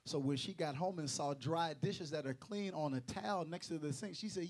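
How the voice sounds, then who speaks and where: A preacher with a high, light voice, delivering a Sunday sermon. He drops into low, quiet asides, then climbs into loud, shouted runs of repeated phrases. He jokes with the congregation as he goes. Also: normal speed. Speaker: pastor.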